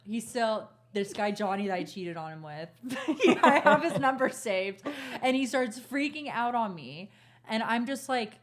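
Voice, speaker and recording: A woman's voice: mid-range voice, animated, normal speed. Frank profane young woman telling a story. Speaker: podcast co-host. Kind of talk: casual chat, storytelling.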